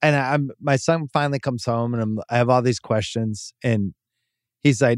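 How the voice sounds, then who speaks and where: A man's voice: medium pitch, fairly even intonation, moderate pace, no echo. A middle-aged man co-hosting a podcast, chatting casually with a dry, teasing humor. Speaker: podcast co-host. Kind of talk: casual chat.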